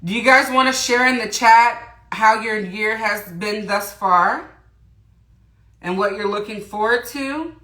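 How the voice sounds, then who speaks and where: A woman's voice: mid-range voice, unhurried, sharp tone. Chatty woman hosting a makeup livestream. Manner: chatty, greets viewers and reads comments aloud. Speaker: beauty livestream host. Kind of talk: casual makeup tutorial livestream. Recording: roomy echo.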